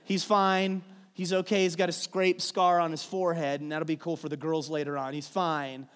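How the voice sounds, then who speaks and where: A man's voice: on the high side, little pitch movement, normal speed, fairly bright tone, clean tone. A man preaching a sermon, telling a family story in a conversational way with frequent restarts. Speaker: pastor. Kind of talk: sermon with personal stories. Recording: long hall reverb.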